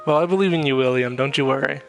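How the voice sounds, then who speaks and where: A man's voice: mid-range voice, fast, gravelly, faint music behind. A young man vlogging in a casual, rambling way, swearing often and laughing at himself as he reads chat. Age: young adult. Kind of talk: casual chat reacting to chat messages.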